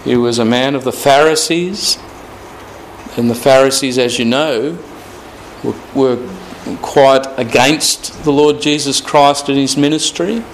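Slow, emphatic male Bible teacher. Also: medium pitch, a little hiss or hum, low-quality recording. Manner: emphatic, stresses key words, reads scripture aloud; repeats phrases, asks rhetorical questions.

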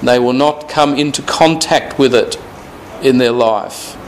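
Slow, emphatic male Bible teacher. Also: mid-range voice, slight background noise, rough recording. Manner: emphatic, stresses key words, reads scripture aloud; repeats phrases, asks rhetorical questions.

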